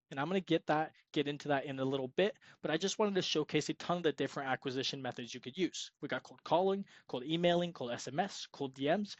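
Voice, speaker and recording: A man's voice: on the high side, dry recording, dull audio. A young man giving an upbeat, salesy screen-share tutorial on freelance web design, sometimes acting out sample sales calls. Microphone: screen-recording mic.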